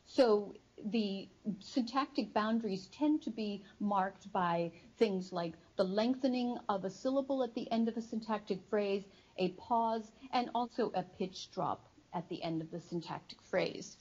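A woman psychology professor giving an academic lecture to a live audience, explaining in a measured way with frequent ums and uhs. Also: mid-range voice, darkish tone, husky, lo-fi sound. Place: studio before a live audience.

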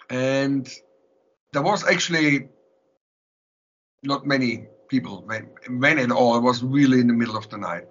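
A man with a German accent, a musician guest telling stories in a casual interview, animated, laughing often and repeating words. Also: medium pitch, breathy edge. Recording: dull lo-fi sound.

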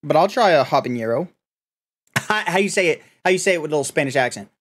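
A man's voice: a little high, animated, fast talker, fairly bright tone, breathy edge. A man streaming from his room, chatting casually, joking, swearing and laughing often. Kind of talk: casual live-stream chat.

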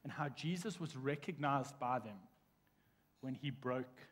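A man preaching a sermon in a church, telling stories in a lively way with frequent restarts. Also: medium pitch, a little slow. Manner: animated storytelling with restarts. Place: church sanctuary. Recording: long church hall reverb.

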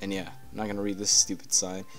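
A gameplay commentator speaks fast in a low, monotone voice with a fairly bright tone, faint music running behind him. He rambles casually through the let's-play, swearing and getting easily irritated at the game.

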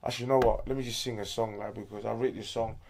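A young man from Congo, ranting loudly with profane slang as a guest in a casual interview. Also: lowish voice, steady tone, racing, creaky, a little hiss or hum.

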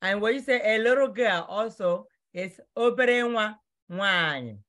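A woman teaching vocabulary, drilling each word slowly and repeating it for pronunciation. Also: medium pitch, lively intonation, a bit bright. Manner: slow, repetitive drilling of words for pronunciation. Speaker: language teacher. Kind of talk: vocabulary lesson.

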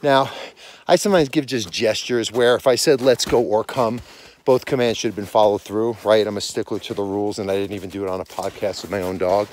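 A man's voice: on the low side, fast, darkish tone. A man in his forties, out of breath, chatting casually as a dog-training podcast host while walking outdoors in the mountains. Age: 40s. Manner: rambling, self-correcting, conversational. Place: outdoors on a snowy mountain property at dusk.

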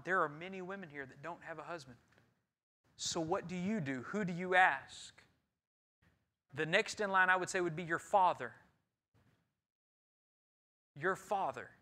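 Male pastor, bright tense voice a bit high for a man, preaching, swings loud to hushed. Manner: swings from loud emphatic preaching to quiet earnest talk. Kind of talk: sermon. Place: church sanctuary.

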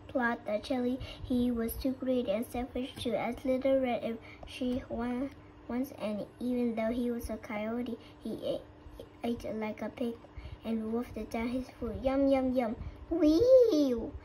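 A woman with a Vietnamese accent reading a children's story aloud, halting, with frequent slips and restarts. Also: a little high, little pitch movement, dark tone, a little hiss or hum, low-quality recording. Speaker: storybook reader.

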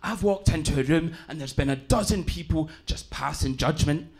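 A man's voice: a little high, moderate pace, darkish tone, natural voice. A man voicing a blunt, sweary middle-aged uncle. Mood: earnest. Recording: live club audio with crowd noise.

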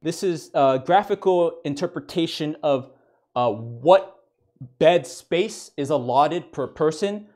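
A man's voice: on the high side, expressive, slow, a little mellow. A man giving a comedic mock lecture, ranting in exasperation and stammering over repeated words. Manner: mock-serious professor persona.

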